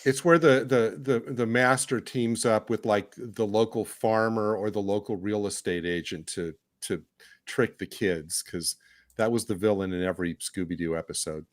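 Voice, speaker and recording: Halting man on a chat panel. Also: lowish voice, dry recording. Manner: halting, restarts sentences.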